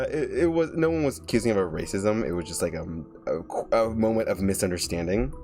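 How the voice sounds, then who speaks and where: A man's voice: lowish voice, a little fast, a little mellow, faint music behind. A young man streaming as a vtuber, chatting casually while he draws, rambling with lots of filler words and restarts.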